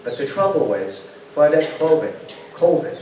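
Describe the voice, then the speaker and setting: An older man giving a storytelling talk to an audience, a lively speaker who acts out quotes and puts questions to the room. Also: on the high side, moderate pace, slight background noise. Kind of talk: storytelling lecture. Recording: roomy hall sound from far off.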